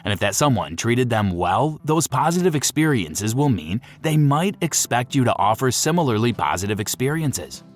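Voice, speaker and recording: A man giving playful, lively scripted narration for an explainer video. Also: mid-range voice, moderate pace, few pauses.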